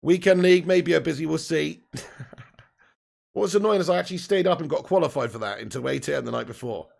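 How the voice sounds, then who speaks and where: Gravelly man chatting on a stream. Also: a little high, quick pace, darkish tone. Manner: chatty, laughs often, swears casually. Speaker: football watch-along streamer reading live chat. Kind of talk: casual live-stream chat.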